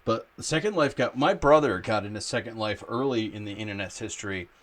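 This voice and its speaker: A man's voice: fairly low pitch, brisk. Joking man hosting over a video call. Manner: joking, crude, wraps up the talk. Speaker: podcast host. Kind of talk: casual chat.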